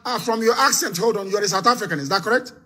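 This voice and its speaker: Forceful high-voiced man. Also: racing. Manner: forceful, repetitive oratory. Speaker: host. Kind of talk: live call-in broadcast.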